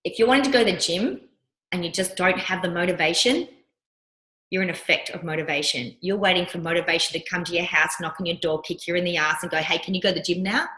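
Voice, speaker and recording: A woman's voice: fairly low pitch, quick pace. A woman coach teaching a workshop, telling personal stories and acting out the voices she quotes. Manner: animated storyteller who acts out the voices she quotes. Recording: roomy echo.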